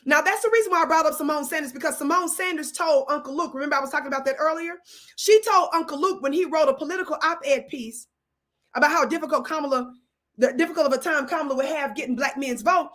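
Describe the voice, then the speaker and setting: A woman with a high voice and hosts a live stream. She talks in a preacher-like way, reads out comments from her chat and calls blessings down on her viewers. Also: quick pace, fairly bright tone. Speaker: livestream host.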